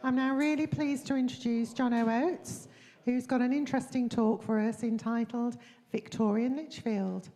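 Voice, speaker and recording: A woman's voice: a little high, steady tone, normal speed, pauses often, warm tone. A woman chairing a meeting, politely introducing the next speaker. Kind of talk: formal introduction. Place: meeting hall. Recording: reverberant hall from far off.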